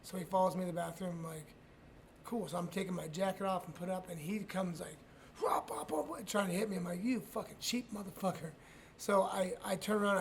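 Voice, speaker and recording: Man, middle-aged, casual interview, rambling and profane, raspy fry, light background hiss. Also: high-pitched. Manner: profane, rambling, frequent restarts and laughs. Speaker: retired MMA fighter telling stories.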